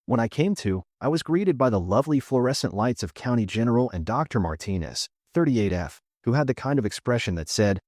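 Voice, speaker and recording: A man's voice: mid-range voice, sing-song, brisk, few pauses, a little mellow, no echo. Guy reading a reddit story, sarcastic, lots of ups and downs, dry close mic. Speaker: narrator. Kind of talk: scripted narration of a reddit story.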